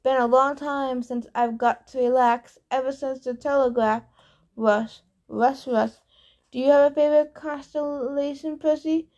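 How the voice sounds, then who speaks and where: A laid-back but always-busy male messenger god from a storybook, as a woman reads him aloud. He talks in a breezy, offhand way, like a businessman between calls, and the voice sits high. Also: steady tone, measured pace, a little mellow, highs cut off. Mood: amused. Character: easygoing, fast-talking male messenger god.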